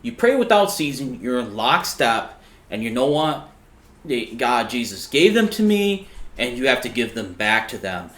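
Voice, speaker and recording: A man's voice: mid-range voice, big pitch swings, unhurried, a bit bright, echoey room. A man as a guest on a faith podcast, answering earnestly and with firm conviction.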